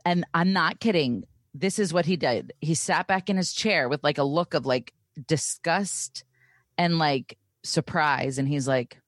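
A woman's voice: low-pitched, a little slow, no room sound, clean studio sound. A woman in her thirties telling a personal story in casual chat, acting out the voices of the people in it. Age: 30s. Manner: animated, acts out quoted voices while retelling.

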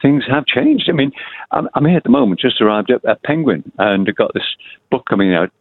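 A man's voice: mid-range voice, very animated, brisk, slightly rough, dry recording. An older man with a Liverpool accent, a poet taking part in a casual radio interview and telling rambling anecdotes. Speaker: guest poet. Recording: phone-like line.

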